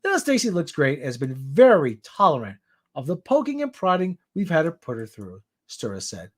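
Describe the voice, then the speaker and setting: A man's voice: on the high side, wildly swooping pitch, brisk. A man from the New area, hosting a casual news roundup in a rambling way with jokey asides. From New York area. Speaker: show host.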